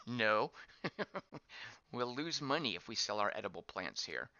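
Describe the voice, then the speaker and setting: Lively man thinking aloud over a game. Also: on the low side, a little slow. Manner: thinks aloud, wondering and reacting to the screen. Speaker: game streamer. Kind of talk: casual gameplay commentary. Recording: dull lo-fi dry voice track.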